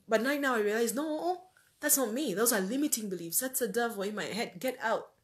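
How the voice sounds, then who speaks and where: A woman's voice: on the high side, fairly quick. Earnest woman giving a faith-based pep talk. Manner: earnest, conversational, repeats phrases for emphasis. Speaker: life-planning speaker.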